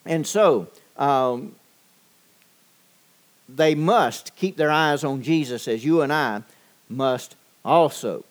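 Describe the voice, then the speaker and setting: Man preaching with slow, halting pauses. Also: fairly high pitch. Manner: measured preaching with frequent "uh" pauses, slowing for emphasis. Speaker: pastor. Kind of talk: sermon.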